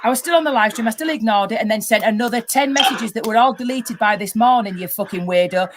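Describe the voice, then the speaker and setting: Angry swearing woman host, higher voice. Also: quick pace, noisy background. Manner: angry, swearing, rambling rant. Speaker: livestream host. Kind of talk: casual livestream chat.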